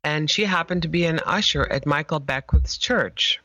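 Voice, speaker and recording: A woman guest telling her story with animated emphasis and swings of pitch. Her voice sits at an ordinary height. The sound is slightly dull and dry. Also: moderate pace, dry recording. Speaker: guest, image therapist. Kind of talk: conversational interview.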